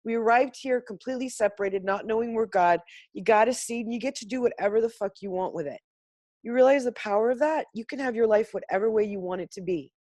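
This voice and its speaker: A woman speaks to a spiritual group over a video call, her voice sitting fairly high. She is blunt and emphatic and swears without a second thought. The sound is dry and close, with no room around it. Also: fast talker, a little mellow, no room sound. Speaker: class participant sharing insights. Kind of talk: impassioned spiritual group talk.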